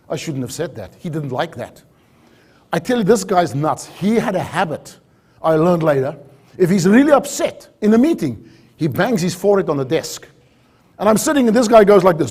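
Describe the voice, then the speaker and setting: Animated man telling a story. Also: sits high, normal speed, breathy edge. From South Africa. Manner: animated, acts out dialogue. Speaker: safety talk speaker. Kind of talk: storytelling keynote talk.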